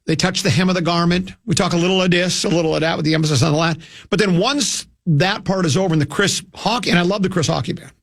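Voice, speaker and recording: A man's voice: high-pitched, steady tone, quick pace, gravelly, dry recording, clean studio sound. An older man from hosting a radio show, telling a rambling, self-mocking anecdote with many restarts. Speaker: radio host.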